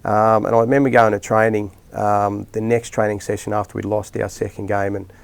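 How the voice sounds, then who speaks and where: A man's voice: lowish voice, level tone, a little fast, vocal fry, smooth. A middle-aged Australian man, a rugby league coach, telling rambling stories in a casual interview with lots of restarts and fillers.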